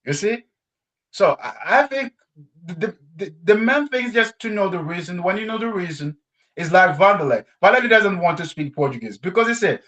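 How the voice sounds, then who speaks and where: Animated Congolese man, high lively voice. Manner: animated storytelling, halting non-native phrasing. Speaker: guest sharing language-learning story. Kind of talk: conversational interview.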